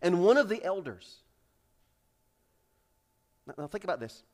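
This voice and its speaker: High-voiced preacher, dramatic swings. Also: male voice, big pitch swings, measured pace. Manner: preaches with rising, shouted dramatic build-ups and hushed drops; acts out characters in raised voices. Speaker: pastor. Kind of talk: sermon. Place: church sanctuary.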